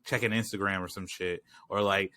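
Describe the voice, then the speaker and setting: A man's voice: deep voice, fairly even intonation, fairly quick, pushed and bright, dry recording, studio quality. A man co-hosting a podcast, giving blunt opinions in laid-back, casual chat. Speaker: podcast co-host.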